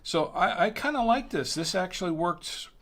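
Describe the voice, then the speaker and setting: In a relaxed live-stream chat, a man running a wine tasting rambles on, full of fillers and self-deprecating remarks. His voice is high, expressive and fairly bright, at a normal speed.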